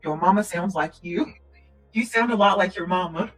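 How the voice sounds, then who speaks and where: On a casual livestream, a woman addresses her viewers directly, speaking earnestly and prayerfully at normal speed in a voice on the low side. She keeps clearing her throat and coughing, while soft music plays behind poor audio.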